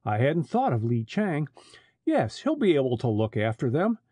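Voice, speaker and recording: A man voicing a sneering, surly chief smuggler in an audiobook, with a husky voice. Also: medium pitch, huge pitch swings, normal speed, dark tone, dry recording.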